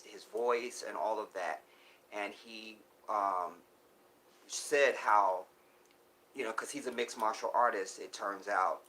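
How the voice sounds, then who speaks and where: A man with a low, edgy, forceful voice, addressing his viewers in an impassioned live monologue. He lurches between loud urgent appeals and quiet, hushed passages, often breaking off mid-phrase to start again. A faint hiss sits under his voice. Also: rough recording. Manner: halting, restarts often. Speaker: live streamer. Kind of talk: emotional live-stream monologue.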